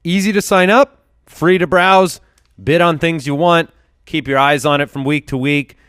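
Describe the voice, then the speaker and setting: A man hosting a sports podcast in casual chat, reading sponsor spots in quick upbeat bursts. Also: fairly high pitch, steady tone, fairly bright tone, clean tone, dry recording, clean studio sound. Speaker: podcast host.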